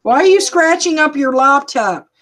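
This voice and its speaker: A middle-aged woman hosting a casual livestream, loud and laughing often as she reads viewer comments. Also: sits high, animated, normal speed. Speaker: livestream host and rideshare driver.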